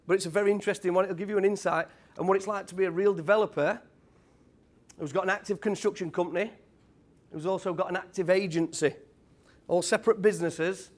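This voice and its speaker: A British man in his thirties, a former tradesman giving an energetic motivational talk to a live audience and quizzing the crowd. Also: sits high. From United Kingdom. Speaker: speaker at a property event.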